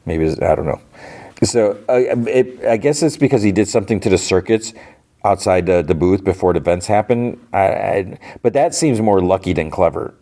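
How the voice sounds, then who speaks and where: Podcast host, man, middle-aged, very low voice, casual rambling recap. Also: normal speed. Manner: rambling, animated retelling with many fillers and restarts.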